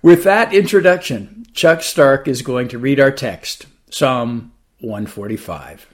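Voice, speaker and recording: A man preaching a sermon, explaining a psalm and telling a joke in an animated storyteller's manner. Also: medium pitch, slow. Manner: animated storyteller with a playful build-up. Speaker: pastor.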